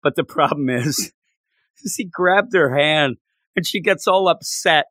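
A man's voice: fairly high pitch, unhurried, a bit bright, no room sound. Enthusiastic man chatting, dry sound. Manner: enthusiastic, retells scenes with acted quotes. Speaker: co-host discussing a manga. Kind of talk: casual chat.

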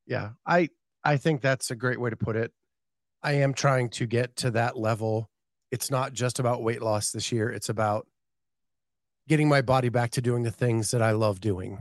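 A man in his fifties talks in easygoing podcast chat and slips in a joke now and then. His voice sits at an ordinary pitch, recorded dry and close with no room sound. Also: normal speed, dry recording. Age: 50s. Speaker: podcast co-host. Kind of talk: casual chat.

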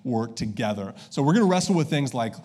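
A man's voice: mid-range voice, expressive, fast talker, warm tone, slightly rough. A man preaching as pastor, conversational and easygoing, with frequent filler sounds and restarts. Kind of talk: sermon.

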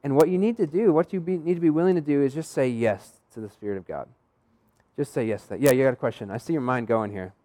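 A man's voice: mid-range voice, fast, mellow. A young adult man preaching a sermon in a conversational storytelling style, acting out the voices of people in his stories. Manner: conversational, acts out quoted dialogue. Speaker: pastor.

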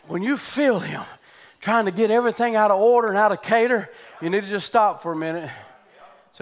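Very high-voiced fervent preacher. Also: male voice, brisk. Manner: fervent, shouting, exclaims hallelujah. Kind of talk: revival sermon and prayer. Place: church building with congregation.

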